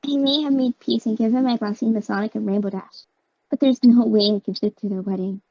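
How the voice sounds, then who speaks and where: A woman voicing Amy Rose, a gentle, lovelorn young female hedgehog, in an amateur fan drama. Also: on the high side, fairly even intonation, brisk, no room sound, muffled recording. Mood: earnest.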